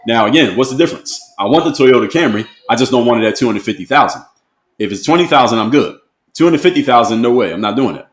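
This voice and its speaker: A man's voice: mid-range voice, animated, quick pace, echoey room. A man, giving blunt, emphatic commentary to camera and repeating his key points. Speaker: motivational commentator.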